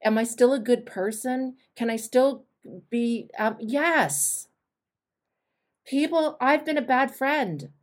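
A woman's voice: sits high, slow pace. Woman host, coaching a caller, candid, emphatic, direct. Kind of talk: coaching advice on a call.

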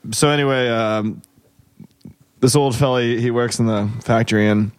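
A man's voice: mid-range voice, steady tone, normal speed, clear, resonant tone, dry recording, clean studio sound. A young man co-hosting a casual comedy podcast, rambling through a joke with lots of fillers and restarts. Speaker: podcast co-host.

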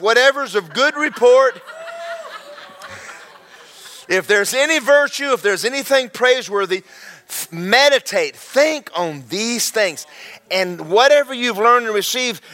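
A man preaches in a folksy, animated way. His voice sits high for a man and has a bright, forceful edge. He talks straight to the congregation, repeating phrases and throwing in shouted asides. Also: measured pace. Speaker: pastor. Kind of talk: sermon.

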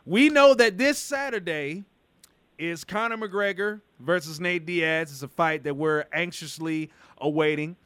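Pumped-up guy hosting a radio show, bright voice, dry close sound. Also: fairly high pitch, a little slow, smooth, no room sound. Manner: hyped, enthusiastic. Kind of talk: radio interview.

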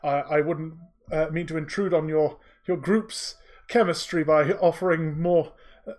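A man's voice: a little high, fairly even intonation, measured pace, darkish tone, lightly acted. A man voicing a courteous, diplomatic male sheriff in a tabletop role-play, speaking politely with many hesitations.

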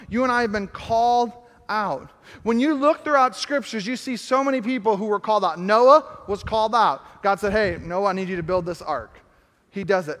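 A man with a high voice preaches to his church, building his points through repetition and slowing right down on the key lines. His voice rings with a long reverb from a large hall. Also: fairly bright tone. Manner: emphatic preaching with repeated phrases and slowed key lines. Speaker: pastor. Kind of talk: sermon.

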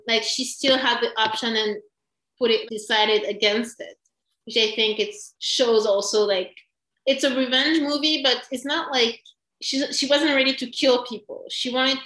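Woman, casual chat, lots of "like", bright voice, echoey room. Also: on the high side. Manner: thinks aloud with many "like"s. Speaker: podcast co-host discussing a film.

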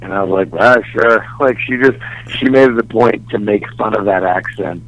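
A young adult man from Texas with a New York-sounding accent, a stand-up comedian chatting casually as an interview guest, laid-back and trailing off quietly. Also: fairly low pitch, brisk, no room sound, low-quality recording. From Dallas, Texas.

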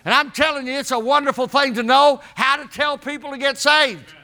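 A man's voice: extremely high pitch, fairly even intonation, brisk, bright, forceful tone. A man preaching a sermon in a folksy, emphatic way, calling out to the congregation as he tells stories.

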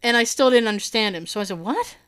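A woman races through a story in casual chat, her mid-range voice smooth as she acts out others' lines and laughs often. She has hearing loss in her right ear.

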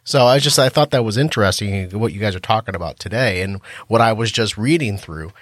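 A man speaking as a podcast guest in a thoughtful, measured way. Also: lowish voice, no room sound, studio quality. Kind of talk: casual podcast chat.

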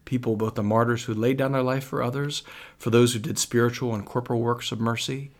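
A man, a priest, telling stories as a guest on a radio talk show, animated and full of restarts. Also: mid-range voice, a little fast. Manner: animated storytelling with many restarts. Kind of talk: radio interview.

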